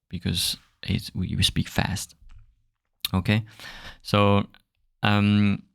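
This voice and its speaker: A man with a French accent hosting a podcast French lesson, relaxed and searching for words, with many fillers as he explains. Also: low voice, gravelly, no room sound, clean studio sound. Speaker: French teacher, podcast host.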